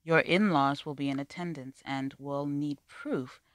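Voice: mid-range voice, steady tone, measured pace, no room sound, studio quality, close to an everyday voice. A narrator voicing a chatty young married woman who gossips and brushes off others dismissively. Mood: gossipy.

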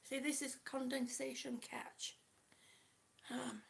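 A woman's voice: high voice, slow, vocal fry, pauses often. A woman from Kansas on oxygen, chatting casually to her live-stream viewers, short of breath and greeting them by name. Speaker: vlogger reading live chat.

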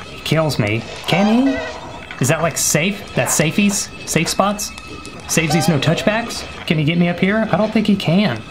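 A young man casually commenting while playing a horror game, joking with the game and his viewers and sometimes dropping to a whisper. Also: a little high. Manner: jokey, talks to the game and viewers, whispers when scared. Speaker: gaming YouTuber.

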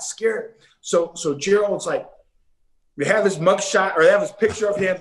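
A man's voice: high voice, fairly quick. A middle-aged man, a former ballplayer, telling stories in a casual interview and acting out other people's lines. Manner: animated storyteller who acts out other people's lines.

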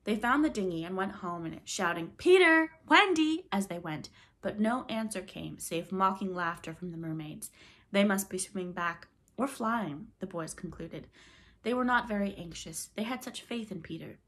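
Gentle low-voiced woman reading a story. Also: moderate pace. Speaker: storybook reader. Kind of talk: audiobook narration.

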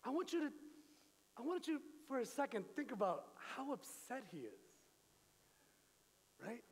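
A man preaching a sermon, animated storytelling and joking with the congregation. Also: very high-pitched, unhurried, breathy edge, long reverb tail. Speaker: pastor. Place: church.

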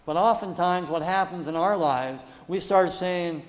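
A male pastor preaching a sermon in a church, with a lively delivery that swings up into loud rhetorical questions. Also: sits high, a little slow. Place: church sanctuary. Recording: long reverb of a church sanctuary.

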